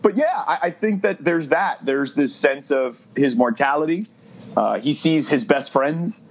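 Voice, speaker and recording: A man's voice: on the high side, lively intonation, a little slow, lo-fi sound. A man who hosts a sports radio show, talking basketball on a podcast in a blunt, matter-of-fact way. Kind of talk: casual sports talk.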